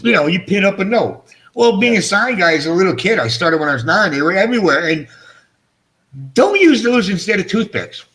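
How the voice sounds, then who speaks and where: A man's voice: high voice, sing-song, fairly quick, a bit bright. Toothless middle-aged man rambling. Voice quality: speech affected by missing front teeth. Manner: rambling, self-mocking, swears freely. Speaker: fish-keeping channel host. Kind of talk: casual livestream chat.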